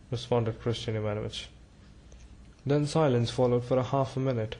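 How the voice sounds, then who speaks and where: A man narrating a classic novel, reading in a measured, even way. His voice sits at a middling pitch for a man. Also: poor audio. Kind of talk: audiobook narration.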